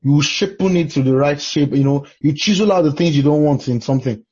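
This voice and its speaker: Very husky Nigerian man preaching. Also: on the high side, a little fast, dark tone, lo-fi sound. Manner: storytelling with frequent exclamations. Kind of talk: preaching in conversation.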